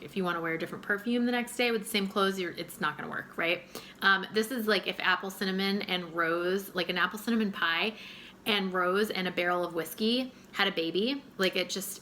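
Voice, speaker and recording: A woman's voice: fairly low pitch, bright, forceful tone, a little hiss or hum. A woman in her forties chatting to camera about favourite things, gushing and chatty with lots of fillers. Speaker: fragrance reviewer. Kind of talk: casual chat to camera.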